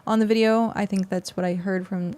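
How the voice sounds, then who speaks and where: A woman's voice: mid-range voice, steady tone, a little fast, darkish tone. A young adult woman streamer chatting casually with her viewers on a close mic, rambling with lots of fillers. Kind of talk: casual livestream chat with viewers.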